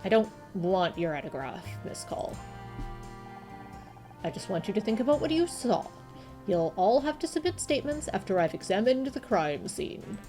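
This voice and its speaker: A woman voicing a calm, dry-spoken young woman sidekick. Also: mid-range voice, moderate pace, soft background music, close to an everyday voice.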